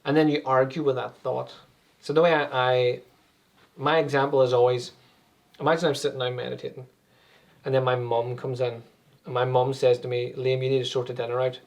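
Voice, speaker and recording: A man's voice: mid-range voice, level tone, normal speed, creaky, pauses often. A man, an anxiety and meditation coach, explaining things conversationally with everyday examples as an interview guest.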